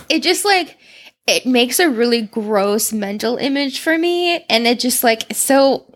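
Giggly woman with a lively, high voice. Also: unhurried. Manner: giggly, squeamish. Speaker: podcast co-host. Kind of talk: casual podcast chat.

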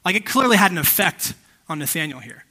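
A man's voice: on the high side, big pitch swings, fast, bright, forceful tone. A young man giving a casual, conversational sermon that keeps checking in with his listeners.

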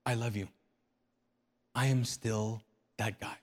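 A man voicing a loving but firm male divine figure within a sermon, speaking gently and quietly. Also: mid-range voice, steady tone, takes it slowly, voice pushed down. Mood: tender.

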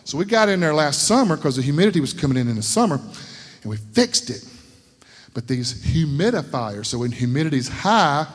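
With a voice on the high side and big swings in pitch, this middle-aged man speaks briskly. He is a lay speaker giving a church sermon testimony through folksy stories, repeatedly asking listeners "you know what I'm talking about", and the church hall echoes around him.

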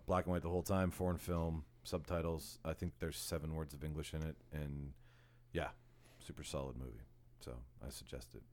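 Low voiced guy hosting a movie podcast, loose and rambly, laughs a lot. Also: a little mellow. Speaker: podcast host. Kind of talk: casual film chat. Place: podcast recording with several guests.

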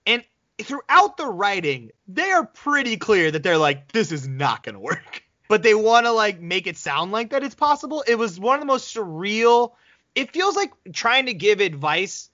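Animated, bright-voiced man chatting. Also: sits high, moderate pace, no room sound, lo-fi sound. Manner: animated storyteller, slips into voices. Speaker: podcast co-host. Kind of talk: casual chat.

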